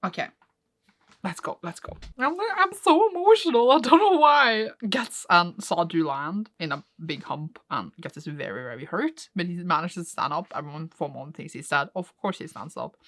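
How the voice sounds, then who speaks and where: Emotional woman gushing over a comic. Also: on the low side. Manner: excitable, gushing, laughs often, retells scenes with quoted voices. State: emotional, near tears. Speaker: manga reaction vlogger. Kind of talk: casual reading reaction.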